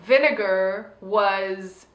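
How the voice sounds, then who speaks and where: A woman co-hosting a casual review podcast, chatty and quick to laugh. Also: medium pitch, echoey room, low-quality recording. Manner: chatty, laughs often, acts out quotes. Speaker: podcast co-host reviewing a TV show. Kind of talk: casual chat.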